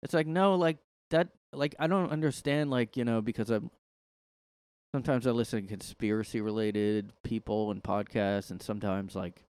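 A man's voice: fairly low pitch, normal speed, a little mellow, smooth, no echo. A man hosting his own podcast in a casual, rambling monologue, sarcastic and full of "like". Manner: rambling, sarcastic, heavy use of "like". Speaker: podcast host. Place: his room.

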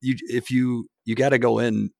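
A man's voice: medium pitch, level tone, moderate pace, creaky, mellow, no echo. A man as a podcast guest in casual chat, laid-back and self-deprecating.

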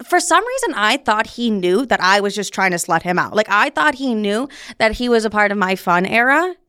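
A woman's voice: mid-range voice, sing-song, moderate pace, pushed and bright, clear, resonant tone, no room sound, studio quality. A young woman hosting a podcast, telling a personal story in a chatty, profane way full of "like". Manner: chatty, profane, frequent "like" filler. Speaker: podcast host. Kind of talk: casual storytelling. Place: studio.

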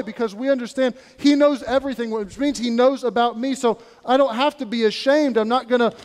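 A male pastor with a notably high voice preaches in a lively, conversational way, breaking into acted asides. His words carry a long reverb through the church sanctuary. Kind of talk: sermon.

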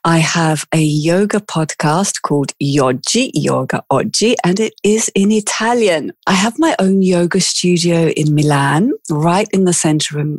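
A middle-aged woman with a British accent talks easily as an interview guest, joking at her own expense. Her voice sits a little low and has a husky edge. The sound is dry and close, with no room around it. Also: unhurried, hardly any pauses, dry recording. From England. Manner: chatty and self-deprecating, with filler words. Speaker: podcast guest, yoga teacher. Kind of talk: casual interview chat.

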